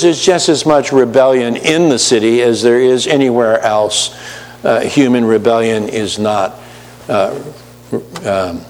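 A man's voice: medium pitch, big-room sound. A man preaching a sermon to his congregation, chatty, with teasing asides to the pews. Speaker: pastor.

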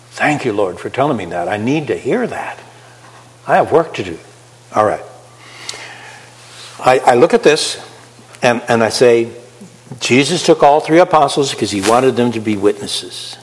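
A man's voice: mid-range voice, unhurried, pauses often, in a large hall, rough recording. A man preaching a sermon, asking his listeners questions as he explains a Bible passage. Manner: animated, asks the audience questions.

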